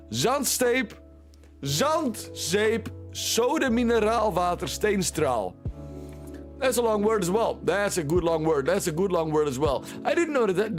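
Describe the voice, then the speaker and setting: Dutch male streamer, casual playful commentary, high voice, light music bed. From Netherlands. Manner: chatty, playful, repeats himself.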